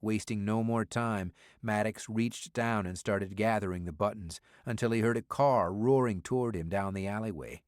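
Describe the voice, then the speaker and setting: Low-voiced male thriller narrator. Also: no echo, clean studio sound. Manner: steady, measured storytelling. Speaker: audiobook narrator.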